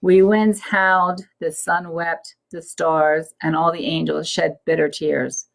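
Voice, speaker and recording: A woman voicing the north wind, telling its tale gravely. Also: low voice, little pitch movement, slow, exaggerated voice, rough recording. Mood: solemn. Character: solemn, storytelling north wind.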